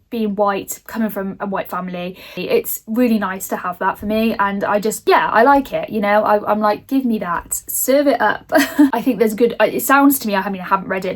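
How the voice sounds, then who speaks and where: Casual woman book vlogger, rambling and giggly, swears freely, mid-pitched. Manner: chatty, rambling, swears casually, laughs often.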